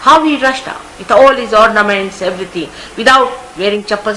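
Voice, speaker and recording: A woman's voice: mid-range voice, brisk, hardly any pauses, pushed and bright, low-quality recording. Indian woman giving a spiritual discourse. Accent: Indian English. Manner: storytelling, acting out quoted people. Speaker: spiritual teacher. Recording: hissy archival 1980s tape recording.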